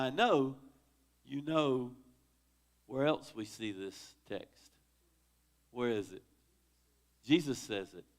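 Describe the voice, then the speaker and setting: A man leading a church Bible study, teaching in a conversational, dramatic way and reading scripture with feeling. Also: mid-range voice. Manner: dramatic, conversational, rises sharply on quoted laments.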